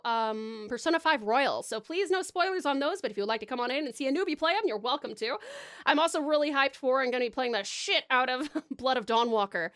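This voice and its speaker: A bubbly Australian woman hosts a casual live stream in a bright, high voice. Her pitch leaps all over as she gushes to viewers, filling the gaps with ums. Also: clean tone. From Tasmania, Australia. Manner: bubbly, gushing, many ums. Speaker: streamer and artist.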